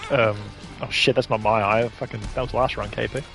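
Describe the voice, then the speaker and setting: A man's voice: mid-range voice, steady tone, moderate pace, creaky, fairly bright tone, soft background music. A man with an Australian accent chatting casually while streaming a game, rambling from point to point and swearing freely. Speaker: gaming streamer.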